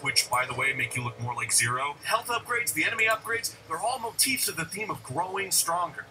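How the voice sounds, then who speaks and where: Excitable, swearing man with a high, lively voice. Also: fairly quick, hardly any pauses, over loud music, poor audio. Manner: animated, swears a lot, shouts when excited. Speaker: video essay host. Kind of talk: profane, excitable video essay commentary.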